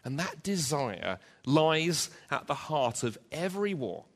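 A man's voice: fairly high pitch, very animated, unhurried. A man preaching an emphatic sermon to a church congregation, driving points home with rhetorical repetition. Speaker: pastor. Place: church, also live-streamed.

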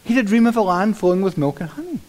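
A man preaching a sermon in a chatty way, often repeating himself and making dry jokes. His voice is a touch high and very animated. The sound rings out in a church hall with long reverb. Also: racing. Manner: lively, conversational, repeats words, dry humour.

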